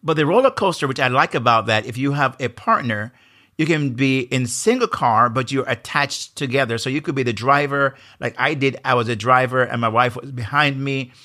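Jamaican guy doing his leadership podcast, earnest, keeps going "right?", mid pitch. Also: normal speed, bright, forceful tone. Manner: earnest, emphatic, with rhetorical questions and repetition. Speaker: podcast host. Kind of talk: motivational podcast talk.

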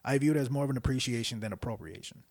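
A man talking as a podcast guest in casual chat, animated, swearing often and retelling jokes with laughs. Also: medium pitch, very fast, no echo.

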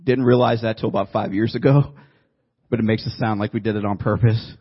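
Man, pastor, husky voice, chatty storytelling sermon, muffled lo-fi recording. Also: fairly low pitch, fairly even intonation, a little fast. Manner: conversational storytelling, joking with the audience. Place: church room before a congregation.

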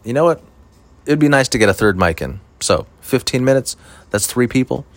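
A man's voice: medium pitch, animated, normal speed, no room sound. A man, a stand-up comedian, telling a story in a rambling, profane, casual way with lots of fillers.

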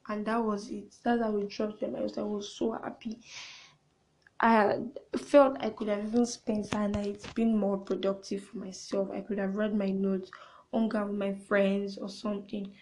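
A young woman hosting a podcast, chatting through a casual story in an expressive way and sometimes dropping into hushed asides. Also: mid-range voice, moderate pace, a little hiss or hum, rough recording. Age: young adult. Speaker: podcast host.

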